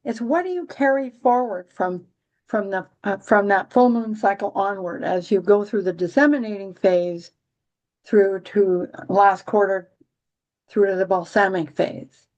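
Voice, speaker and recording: A woman's voice: mid-range voice, measured pace, darkish tone, highs cut off. A woman hosting a casual astrology chat, rambling with many restarts and dry, giggly humor. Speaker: astrology podcast host.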